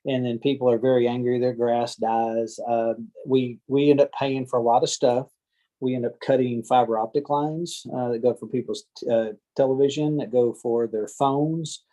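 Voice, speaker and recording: Man, land surveyor, folksy and chatty, mellow voice, video call. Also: mid-range voice, steady tone, moderate pace, rough recording. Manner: folksy, chatty storyteller who acts out the voices of angry homeowners. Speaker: land surveyor giving a talk to a team of real estate agents. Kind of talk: casual training talk. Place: home or office on a video call. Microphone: computer or headset mic on a video call.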